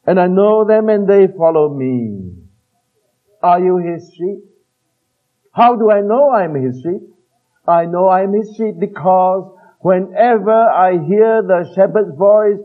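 A man preaching a sermon, earnest and emphatic, slowing down to quote scripture and trailing off softly at the ends of phrases. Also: high-pitched. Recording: tinny phone-like band-limited recording.

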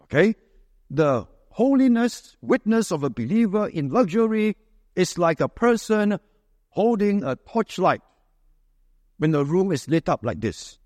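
A man preaching a sermon, with a fairly high voice. He talks conversationally, often tossing a quick "right?" to the congregation. His voice sounds close and dry, yet a long hall reverb trails after it. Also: darkish tone. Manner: conversational preaching with frequent rhetorical "right?" checks.

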